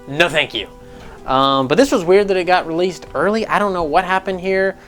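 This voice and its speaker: A man's voice: high-pitched, a little fast, soft background music. A man hosting casual gaming news commentary, rambling and sarcastic, swearing freely as he goes.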